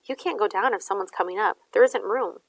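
Brief: woman reader as a scrappy teen boy, cocky and teasing, gravelly edge. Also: medium pitch, a little fast, dry recording. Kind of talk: audiobook character voice.

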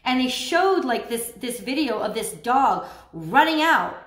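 A woman with a high voice talks through a tarot reading in a loose, chatty way. She is animated and laughs often. The sound has a roomy echo. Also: a little slow. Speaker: tarot reader. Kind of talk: casual spoken tarot reading.

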